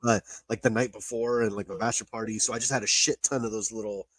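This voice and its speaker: A man's voice: lowish voice, fairly even intonation, fast talker, a bit bright, slightly rough, no room sound. Podcast co-host, male, easygoing storyteller, profane, recorded dry. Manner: laid-back storyteller, swears and laughs often. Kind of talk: casual chat.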